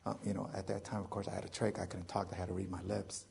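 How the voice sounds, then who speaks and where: A man's voice: deep voice, level tone, quick pace, vocal fry, a little mellow, a little hiss or hum. A man in his forties telling his own survival story to an audience in a loose, joking way, full of fillers. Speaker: veteran speaker.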